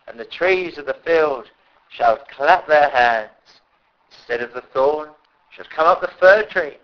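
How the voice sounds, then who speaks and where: A man preaching a sermon in an earnest way, rising to loud pleading calls at times. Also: medium pitch, lo-fi sound.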